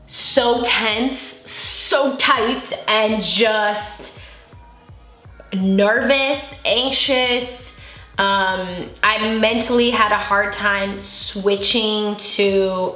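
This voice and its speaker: Doing her makeup for a get-ready-with-me vlog, a woman in her twenties talks in a medium-pitched, slightly bright voice. She's a beauty vlogger who comes across as candid, giggly, emotional and open. Faint music plays in an echoey room.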